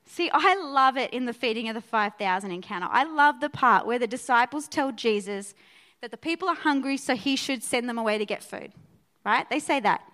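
A woman pastor preaching a sermon to her church, energetic and conversational, often checking in with her listeners. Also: a little high, fairly quick. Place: church auditorium.

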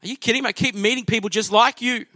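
A man's voice: very high-pitched, steady tone, fast, bright, forceful tone, dry recording, studio quality. A man preaching a sermon in a church, telling a personal story in a chatty anecdotal way and acting out the voices of people in it. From Australia.

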